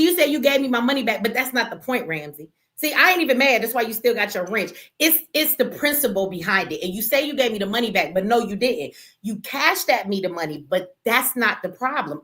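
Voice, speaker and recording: A woman's voice: fairly high pitch, a bit bright. A woman from Detroit hosts a casual livestream, tired and exasperated, talking straight to her viewers and swearing freely. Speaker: livestream host. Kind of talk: casual live-stream rant.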